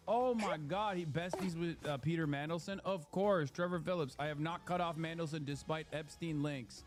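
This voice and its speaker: A man's voice: on the high side, moderate pace, hardly any pauses, faint music behind. A man streaming his reaction to a clip, with exasperated, profane outbursts. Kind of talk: live stream reaction commentary.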